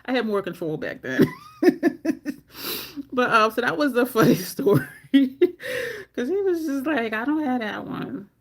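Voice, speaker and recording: A middle-aged woman telling personal stories casually, laughing often and mimicking others in a squeaky voice. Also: big pitch swings, slow pace, pauses often. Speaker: storytelling vlogger.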